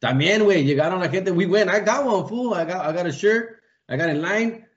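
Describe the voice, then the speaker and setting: A man's voice: high voice, expressive. A man chatting on a podcast, slangy and dropping Spanish words as he tells long stories. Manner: slangy, code-switches into Spanish, drawn-out storytelling. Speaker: podcast co-host. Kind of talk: casual chat. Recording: dull lo-fi recording.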